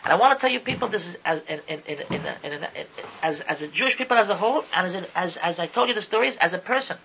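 High, bright-voiced impassioned male preacher. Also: expressive, fast, gravelly, a little hiss or hum, poor audio. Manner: impassioned, repeats and restarts words. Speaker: Torah speaker. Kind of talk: sermon. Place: lives in Israel.

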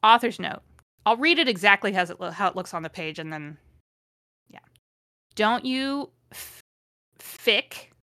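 A woman's voice: lowish voice, lively intonation, brisk, pauses often, pushed and bright, no room sound, clean studio sound. A woman host reading a fan story aloud for comedy, breaking off with sarcastic, exasperated asides. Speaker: host, dramatic reader.

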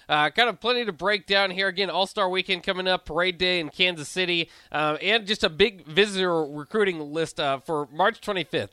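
Easygoing radio host, dry close sound. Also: male voice, high voice, sharp tone, smooth, no echo. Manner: easygoing, laughs often, uses fillers. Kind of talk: casual sports radio banter.

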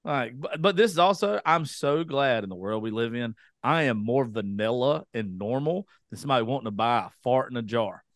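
A man's voice: mid-range voice, a little fast, few pauses, no echo, studio quality. A man co-hosting a podcast, joking crudely and often putting on mocking voices. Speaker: podcast co-host. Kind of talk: crude comedic banter.

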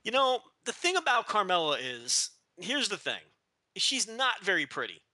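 A man's voice: sits high, big pitch swings, moderate pace, sharp tone, dry recording. A man from Texas co-hosting a wrestling podcast, joking and teasing in casual rambling chat. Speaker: podcast co-host.

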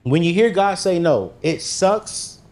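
Male guest, higher register, highly animated storyteller who acts out quoted dialogue. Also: measured pace, vocal fry. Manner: acts out his own quoted dialogue with big pitch jumps; casual, slangy, encouraging. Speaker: guest speaker.

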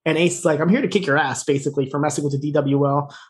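A man's voice: a little high, fairly even intonation, racing. A man co-hosting a podcast, casually retelling a TV episode with fillers and laughs. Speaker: podcast co-host recapping a TV episode. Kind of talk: casual chat.

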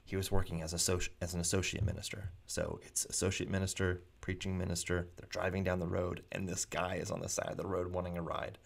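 A man, a preacher hosting his own vlog, telling anecdotes in a chatty, animated way with frequent restarts. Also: low voice, fast talker, creaky, few pauses. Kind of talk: casual anecdotal storytelling.

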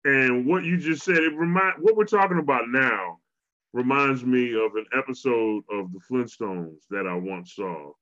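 A man co-hosting a podcast conversation, retelling a cartoon episode in a lively storytelling way and closing with an earnest message to listeners. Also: mid-range voice, moderate pace. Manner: animated storyteller, preachy wrap-up. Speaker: podcast co-host. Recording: dull lo-fi sound.

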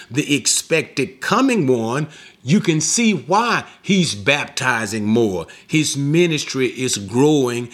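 Slow, lively-pitched male preacher. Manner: slow, deliberate teaching with emphatic rising questions. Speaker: pastor. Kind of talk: expository sermon.

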